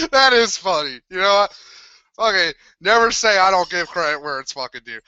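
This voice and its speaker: A young man hosting a live wrestling review, swearing constantly and ranting with loud, crude sarcasm. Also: high voice, sing-song, moderate pace, clean tone, no echo. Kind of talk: profane live review rant. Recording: dull lo-fi sound.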